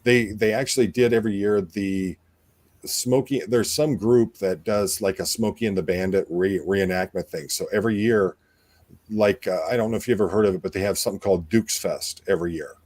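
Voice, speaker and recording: A man's voice: fairly low pitch, a little fast, darkish tone, no room sound. A man hosting a casual talk show, rambling with many fillers and restarts. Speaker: podcast host. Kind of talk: casual chat.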